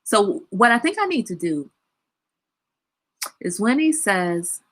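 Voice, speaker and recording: A woman's voice: medium pitch, very animated, slow pace. A woman hosting a casual livestream chat, talking bluntly and animatedly and laughing often. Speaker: livestream talk show host; mother.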